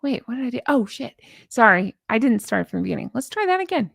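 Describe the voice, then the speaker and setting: A woman's voice: fairly high pitch, sing-song, fast talker, creaky, a bit bright, dry recording, studio quality. A woman hosting a casual live-stream commentary, chatty and gushing as she reads viewer comments aloud. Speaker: YouTube commentary host.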